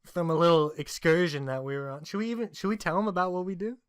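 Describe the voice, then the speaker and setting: A man's voice: fairly high pitch, expressive, quick pace, smooth, dry recording. Young man telling stories with a dry close sound. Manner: laughing, teasing, storytelling. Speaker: podcast co-host. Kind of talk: casual profane banter.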